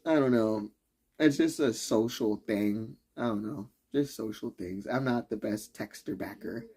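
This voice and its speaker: A man's voice: on the low side, measured pace, creaky, dark tone, breathy edge. A man ranting casually on a live stream, rambling and swearing, with frequent laughs. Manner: rambling, profane, laughs often. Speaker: livestreamer.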